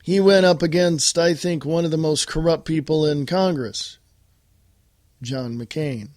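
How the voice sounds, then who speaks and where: Blunt, high-voiced male podcast host. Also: unhurried, darkish tone, dry recording. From United States. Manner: blunt and combative, addressing listeners directly. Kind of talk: political talk monologue.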